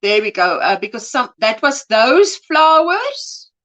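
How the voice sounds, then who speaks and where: A woman's voice: a little high, sing-song, measured pace, a bit bright, low-quality recording. A woman co-hosting a casual crochet livestream, reading out viewer comments fondly and laughing often. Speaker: livestream co-host.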